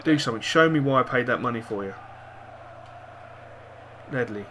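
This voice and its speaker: A man doing live gameplay commentary, exasperated, swearing often and shouting at his players. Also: mid-range voice, expressive, normal speed, crowd noise. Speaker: gaming commentator.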